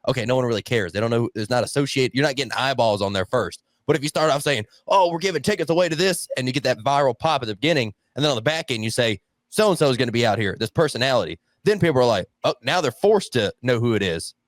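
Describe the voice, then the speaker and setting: Fast-talking man explaining marketing. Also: mid-range voice, animated, no room sound. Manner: explains like a marketer, uses business terms. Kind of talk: casual podcast chat.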